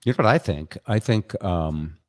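An older man hosting a live chat show in a low, deep voice that swings up and down a lot as he talks. He rambles and jokes at his own expense. The sound is dry and close. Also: animated, moderate pace, dry recording. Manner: rambling, jokey, self-deprecating. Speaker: show host. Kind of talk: casual live-stream chat.

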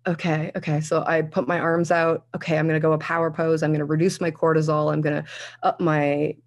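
A woman in her thirties telling a candid personal story in conversation, animated, laughing often and acting out her own past thoughts. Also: sits low, brisk, muffled recording. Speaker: guest sharing a personal story.

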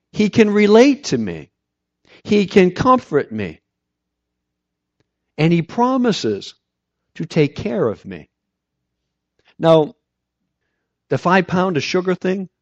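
A man's voice: high-pitched, darkish tone, dry recording. A man preaching a sermon as pastor, in a conversational way, repeating words as he restarts his sentences. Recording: dull dry recording.

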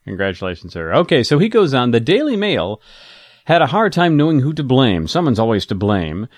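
A man's voice: medium pitch, sing-song, fairly quick, no echo. A man co-hosting a podcast in casual chat, reading a listener email aloud with chuckles and asides. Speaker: podcast co-host.

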